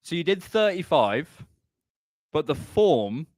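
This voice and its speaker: A man's voice: fairly high pitch, sing-song, takes it slowly, a little mellow, no echo, studio quality. A man hosting a live podcast, out of breath and bantering in a joking, chatty way. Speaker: podcast host. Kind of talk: casual live podcast chat.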